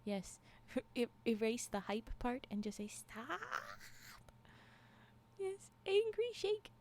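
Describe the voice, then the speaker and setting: A woman's voice: fairly high pitch, big pitch swings, unhurried, darkish tone, a little hiss or hum. A woman streamer chatting casually and reading a story aloud, giggling often and breaking into exclamations. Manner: giggly, exclamatory reactions to chat.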